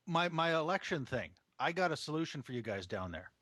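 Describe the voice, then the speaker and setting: A playful man riffing as a panelist in a casual chat. His voice sits a bit high and jumps all over the place as he gets excited, recorded close and dry. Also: a little fast, dry recording.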